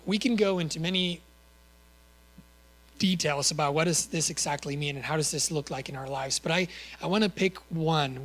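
Earnest male preacher, slightly high voice. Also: fairly bright tone, rough recording. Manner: earnest, with rhetorical questions and small self-corrections. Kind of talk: sermon.

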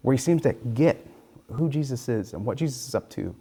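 A man preaching in a relaxed, conversational way, thinking aloud and often checking in with his listeners. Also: medium pitch, a little fast, slightly rough. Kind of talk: conversational Bible teaching.

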